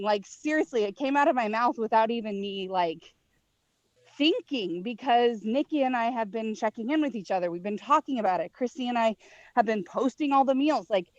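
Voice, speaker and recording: Woman group member telling a story over a muffled, dry video call, animated and casual. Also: a little high, brisk, no echo.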